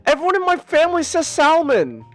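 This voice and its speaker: A woman's voice: high-pitched, wildly swooping pitch, brisk, soft background music. A woman co-hosting a podcast in casual chat, flustered and defensive, stumbling over many restarts. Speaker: podcast co-host.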